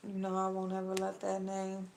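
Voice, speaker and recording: Woman, vlogger, blunt, gossipy, casual chat while cooking, mid-pitched, echoey home kitchen. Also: completely flat delivery, moderate pace, creaky, darkish tone, a little hiss or hum. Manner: chatty, blunt, gossipy, calls viewers y'all. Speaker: vlogger talking to her live chat.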